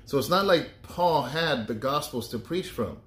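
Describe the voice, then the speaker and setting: A man's voice: mid-range voice, expressive, normal speed, a bit bright. Chatty pastor man in an echoey room. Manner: chatty and joking, thinks aloud with restarts. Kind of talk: casual Bible study talk.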